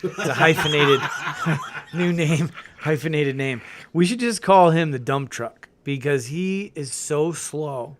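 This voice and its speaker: A man hosting a casual podcast, ranting in an animated way with swearing and laughter. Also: on the high side, slow, slight background noise. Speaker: podcast host. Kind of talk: casual fantasy football podcast chat. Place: home in the mountains.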